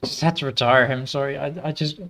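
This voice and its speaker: A man's voice: medium pitch, steady tone, quick pace, gravelly, bright, forceful tone. A man giving casual gameplay commentary, self-mocking and rambling, his voice tired. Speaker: gaming video creator.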